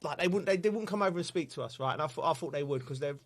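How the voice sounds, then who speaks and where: A man's voice: on the high side, very fast. A man with a slightly raised voice tells football stories in casual banter. He chats freely and laughs often. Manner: chatty storytelling, laughs often. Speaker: football pundit.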